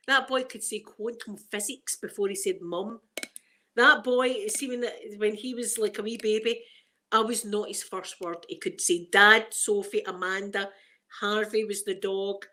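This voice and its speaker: A middle-aged woman from Scotland hosts an ASMR livestream, chatting casually with viewers and greeting them by name. Her mid-range voice has a fairly bright tone, and she laughs often.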